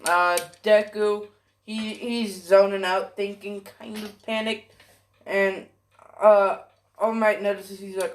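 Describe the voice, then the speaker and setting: A fan storyteller with a mid-range voice, steady tone, and slow pace rambles through an improvised story. They swear often, correct themselves mid-sentence, and use many fillers.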